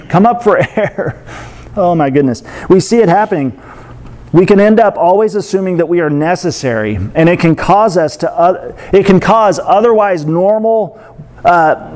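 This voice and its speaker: A man with a somewhat high voice preaching to his congregation. He talks in a loose, conversational way, breaking into laughs and little acted-out asides. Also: a little mellow. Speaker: pastor. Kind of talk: sermon.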